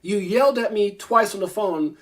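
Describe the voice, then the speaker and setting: A man, a crypto YouTuber, ranting to camera, irritated, emphatic and repetitive. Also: high voice. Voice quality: fast, emphatic, repeats himself. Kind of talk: heated rant to camera.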